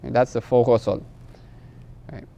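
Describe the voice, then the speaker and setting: A man's voice: medium pitch, steady tone, unhurried, vocal fry, warm tone. A man teaching a class on religious law, explaining patiently, quizzing his students and ending phrases with a questioning "right?". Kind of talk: classroom lecture.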